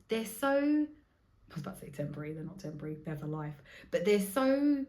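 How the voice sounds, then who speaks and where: Rambling, swearing woman podcaster. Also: fairly low pitch. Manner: rambling, confessional, swears freely, self-mocking. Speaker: podcast host. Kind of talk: candid solo podcast monologue.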